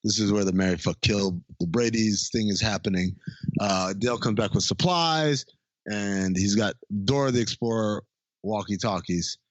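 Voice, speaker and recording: A man's voice: lowish voice, moderate pace, no echo, lo-fi sound. A man co-hosting a podcast, retelling a movie in a casual, profane way and laughing as he goes. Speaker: podcast co-host. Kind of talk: casual movie recap chat.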